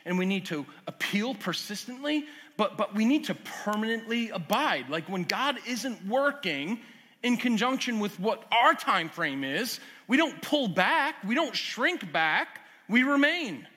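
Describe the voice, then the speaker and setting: A man preaching a sermon as pastor, swinging from loud urgent emphasis to quiet lowered asides. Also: sing-song, measured pace. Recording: long hall reverb.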